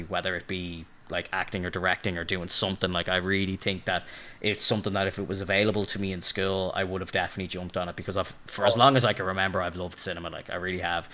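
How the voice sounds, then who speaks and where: A young man hosting a podcast, telling stories in a rambling, excitable way with lots of filler. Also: sits low. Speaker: podcast host. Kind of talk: casual chat.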